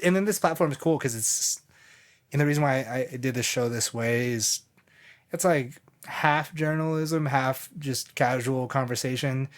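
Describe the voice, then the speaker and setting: A man's voice: mid-range voice, measured pace. A man hosting a podcast in casual chat, rambling and joking, often correcting himself mid-sentence. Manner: rambling, jokey, self-correcting. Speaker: podcast host.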